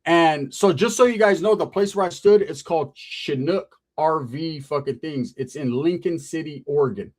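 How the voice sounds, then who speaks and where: Man, podcast guest, fairly high voice, casual profane storyteller. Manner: profane, slangy, streetwise; animated, drawn-out telling with frequent "right?".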